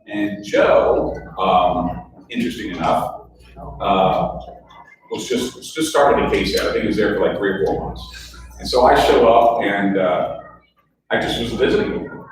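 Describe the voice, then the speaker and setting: A man's voice: mid-range voice, noisy background. A middle-aged man, a guest speaker telling chatty, self-mocking stories with quoted dialogue at a club lunch. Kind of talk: storytelling talk at a club lunch. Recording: echoey room heard from a distance.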